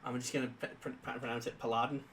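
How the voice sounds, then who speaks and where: Man, podcast co-host, bright clear voice, reads rules out with lots of uhs, faint background hum. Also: mid-range voice, little pitch movement, very fast, low-quality recording. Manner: chatty, reads rules aloud with many fillers. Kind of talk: casual tabletop game discussion.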